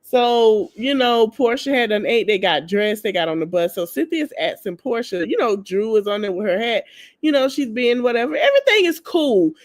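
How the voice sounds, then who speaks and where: A woman's voice: a little high, sing-song, moderate pace. Woman podcast host, casual gossipy recapper, slangy, talks right to her audience. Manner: chatty gossipy storytelling, slangy, addresses listeners as y'all; acts out the people she quotes.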